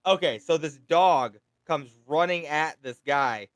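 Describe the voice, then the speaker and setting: An upbeat man with a fairly high voice, unhurried, tells a story as a podcast co-host who works as a delivery driver. It's casual chat, and he retells events animatedly, acting out the quotes, in a dry recording.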